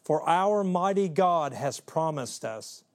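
A middle-aged man preaching a sermon in an earnest, conversational way, with sudden leaps in pitch for emphasis. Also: expressive, slow pace.

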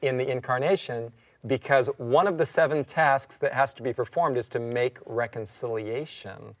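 A man's voice: mid-range voice, moderate pace, dry recording. Co-host guy chiming in with yeahs and questions, slightly far from mic, dry. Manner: affirming, interjecting. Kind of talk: Bible study discussion.

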